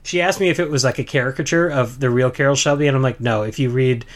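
A man's voice: mid-range voice, fast talker. A man with a mid-range voice chats on a casual podcast. He is enthusiastic and talks loosely, with plenty of fillers. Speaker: podcast co-host. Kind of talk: casual chat.

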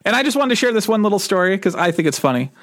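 A man's voice: high voice, big pitch swings, rapid-fire, fairly bright tone, no room sound, clean studio sound. A man co-hosting a podcast, telling a story in casual chat, rambling and correcting himself as he goes, often laughing. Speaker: podcast co-host.

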